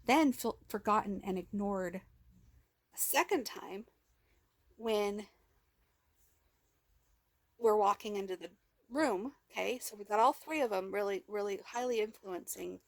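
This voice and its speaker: A woman vlogs into her handheld phone, telling a raw, emotional personal story in a rambling way with plenty of restarts, referring to herself as "we." Her medium-pitched voice moves at a measured pace with frequent pauses and no echo.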